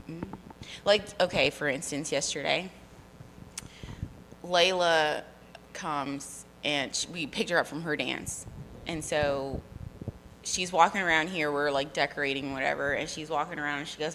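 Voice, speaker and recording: A woman in her thirties with a New York accent talks in a blunt, animated way and acts out the people in her stories. Her voice sits a little low and has a bright, sharp edge. A faint hiss runs under the recording. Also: measured pace, pauses often, poor audio. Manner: blunt, animated storyteller acting out quotes. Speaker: podcast co-host. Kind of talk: casual chat.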